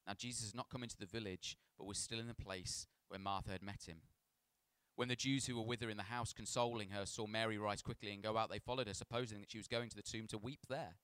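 A male pastor reads scripture and preaches in an easy, conversational style, telling self-deprecating stories and occasionally stumbling over words. His lower voice is smooth, resonant, fairly bright and steady, delivered fast, with close, dry sound and no room echo.

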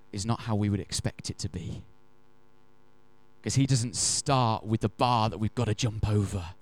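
A man preaching a sermon. He tells stories in an animated, emphatic way and slows down to stress key phrases. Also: on the low side. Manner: animated, emphatic storyteller who acts out quotes. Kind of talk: sermon with storytelling.

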